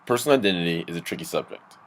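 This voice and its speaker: A man with a deep, low-pitched voice reads scripted narration in a measured, explanatory way. Faint noise sits under his voice. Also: expressive.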